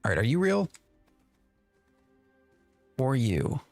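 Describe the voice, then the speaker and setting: A man talks through a live game stream in an exasperated, rambling way and often turns to answer his chat. His voice sits at an ordinary pitch, recorded dry and close. Faint music plays underneath. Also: wildly swooping pitch, takes it slowly, gravelly, no echo. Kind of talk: live gameplay commentary.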